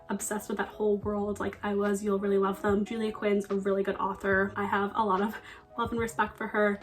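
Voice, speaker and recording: A young woman talks through her recent reads in a relaxed, chatty way, earnest and a little rambling, with small laughs. Her voice sits at an ordinary middle pitch. Soft music plays faintly underneath. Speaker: book vlogger. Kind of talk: casual book review chat.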